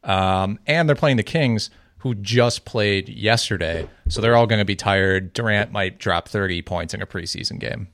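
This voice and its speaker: A man co-hosting a sports podcast, explaining his picks in a measured way. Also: on the low side, a bit bright, no room sound. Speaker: podcast co-host. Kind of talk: casual sports podcast chat.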